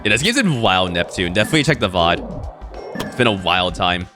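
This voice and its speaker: A man streaming a video game, giving animated, swear-heavy commentary with frequent reactions. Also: sits low, a little fast, music in the background. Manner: animated, swears and laughs often. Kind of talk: casual let's-play commentary.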